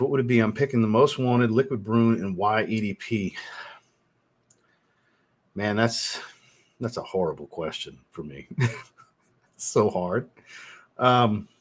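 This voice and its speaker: A man hosting a fragrance livestream, chatting casually with viewers, laid-back, swearing freely and laughing often. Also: mid-range voice. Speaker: fragrance reviewer and channel host.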